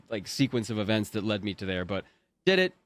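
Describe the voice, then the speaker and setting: Animated male storyteller, dry close mic. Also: on the low side, normal speed, dry recording. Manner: animated storyteller, acts out his own panicked thoughts. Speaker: voice actor guest. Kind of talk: casual anecdote telling.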